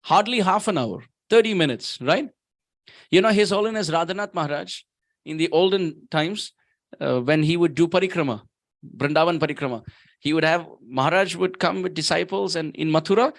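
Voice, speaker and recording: A man preaches at a temple in a high, ringing voice. He tells stories with emphasis and slows right down to chant verses. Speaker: guest speaker at temple. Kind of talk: sermon.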